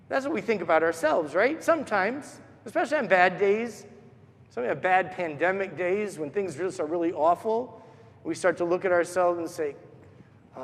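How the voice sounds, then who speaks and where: A man with a high-pitched, slightly bright voice preaches a sermon as a priest, weaving stories and performing the voices he quotes. Long reverb from the large church surrounds his words.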